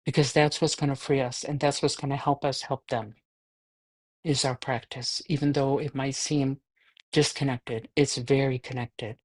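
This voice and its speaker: A Buddhist nun giving a conversational dharma talk, with a self-deprecating, filler-heavy way of speaking. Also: female voice, very deep voice, fairly even intonation, normal speed, darkish tone. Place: livestreamed talk.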